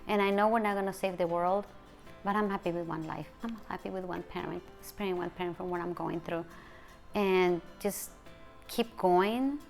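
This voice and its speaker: With faint music playing behind her, a middle-aged woman speaks as a bereaved mother in a deeply personal interview. Her fairly low, creaky voice is soft and halting, dropping to a hush for quoted speech.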